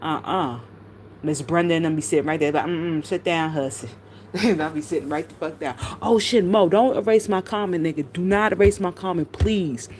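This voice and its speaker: Speaking at a normal speed in a lowish voice, this streamer tells her chat long, wandering stories full of profanity, with a lively, casual delivery. Some background noise is faintly audible.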